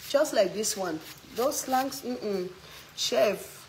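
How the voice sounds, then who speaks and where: A woman's voice: high-pitched, big pitch swings, slow pace, a little hiss or hum, poor audio. A woman from Africa with an African English accent, hosting a casual cooking vlog, chatting playfully while reading viewer comments and teasing her audience.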